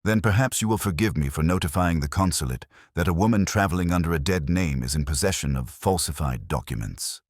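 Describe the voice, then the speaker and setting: A man reading the lines of an aloof, exacting genius detective in a measured, dryly formal way. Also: low-pitched, lively intonation, no echo, studio quality. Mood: cold. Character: stout, aloof male genius detective, older. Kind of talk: audiobook character reading.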